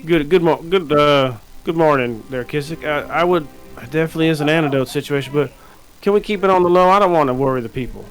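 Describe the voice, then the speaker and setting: A man's voice: a little high, fast, music in the background, natural voice, poor audio. A man as game master voicing an earnest, hesitant small-town constable in a tabletop role-play. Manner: hesitant, many restarts and fillers.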